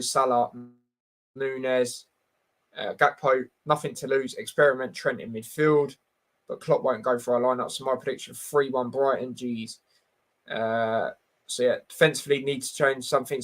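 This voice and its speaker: A man hosts a casual football live stream at an ordinary middle pitch. He rambles with plenty of fillers, reads viewers' comments aloud, and speaks bluntly and directly to the chat. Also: steady tone, moderate pace.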